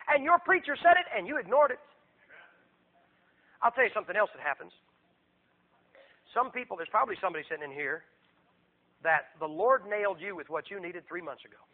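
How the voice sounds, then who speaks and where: A man preaching a revival sermon as a visiting evangelist, emphatic and swinging between loud and hushed. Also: very high voice. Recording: tinny phone-like recording.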